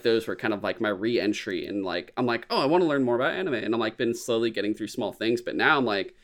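A man chatting casually as a podcast co-host, excitable and full of swearing. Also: fairly low pitch. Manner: excitable, profane, swears freely. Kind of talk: casual chat.

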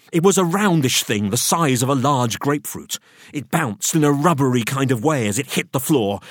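A man reads a first-person story aloud in a husky voice. His pitch rises and falls freely as he tells it. The sound is close and dry, with no room around it. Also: no room sound. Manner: expressive, animated storytelling. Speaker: audiobook narrator. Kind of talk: scripted first-person narration.

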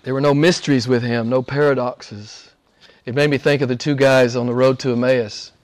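A man preaching an expository sermon, swinging from loud, soaring exclamations to hushed near-whispers and drawing key words out slowly for emphasis. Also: mid-range voice, fairly even intonation. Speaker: pastor.

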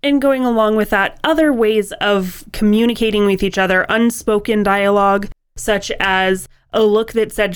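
A woman's voice: medium pitch, fairly even intonation, moderate pace, few pauses, smooth. A woman co-hosting a conversational writing-advice podcast, explaining points with wry, playful humor. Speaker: podcast co-host.

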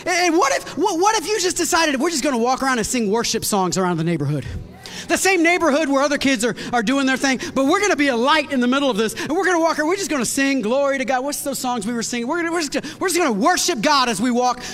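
A man preaching a sermon as pastor, energetic and bursting into shouts, with frequent repeated words and restarts, recorded in a church hall. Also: very high voice, fast. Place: church hall with long reverb.

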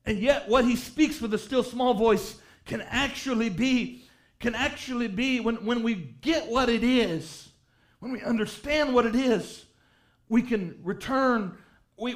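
A man preaching a revival sermon in church, reading scripture aloud and rising fervently into shouts on key phrases. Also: extremely high pitch. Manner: reads scripture aloud in old-style wording.

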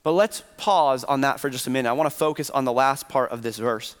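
A man's voice: medium pitch, brisk, clean tone. A man preaching a Sunday sermon as pastor, earnestly posing rhetorical questions to his congregation. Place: church sanctuary. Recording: reverberant hall.

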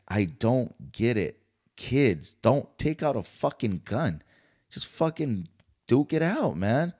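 A man's voice: lowish voice, warm tone. A man hosting a podcast, ranting in a casual, heated and profane way. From California. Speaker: podcast host. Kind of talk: casual commentary.

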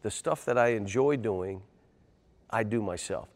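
An older man, a basketball coach, telling animated stories in an interview and getting loud and excitable. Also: lowish voice, unhurried. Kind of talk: interview storytelling.

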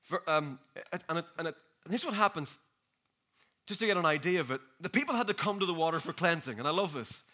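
Preacher guy, high bright voice, joking and laughing, jet lagged. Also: quick pace. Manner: jokey, laughing, energetic, talks to the crowd. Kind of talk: lively sermon.

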